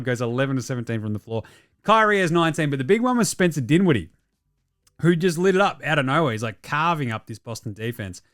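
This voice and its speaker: A man, hosting a casual basketball show and ranting about games and trades with plenty of swearing. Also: mid-range voice. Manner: fast, sweary, excitable ranting. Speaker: host. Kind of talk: casual sports commentary.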